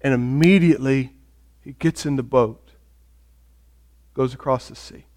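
A man preaching a sermon as a pastor, conversational and storytelling, dropping soft when he reads scripture. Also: medium pitch, a little slow.

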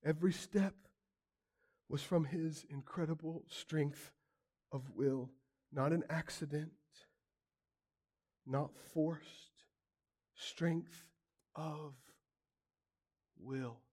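A man preaching a sermon, acting out quotes dramatically and swinging from loud outbursts to hushed lines. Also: a little high, fairly even intonation, takes it slowly, long pauses.

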